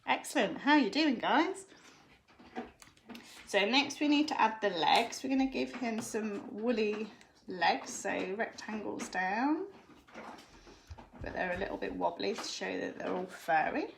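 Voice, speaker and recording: A woman's voice: mid-range voice, a little slow, vocal fry, a little hiss or hum. A woman giving a live drawing lesson for children from home, explaining each step patiently. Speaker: drawing teacher.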